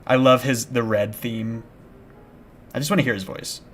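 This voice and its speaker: A man's voice: medium pitch, steady tone, moderate pace. Young guy streaming a game, rambly, keeps restarting sentences, yelps when scared, faint music behind. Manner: rambling and self-interrupting, with sudden shouted panic at scares. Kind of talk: casual live-stream chat while playing. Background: background music.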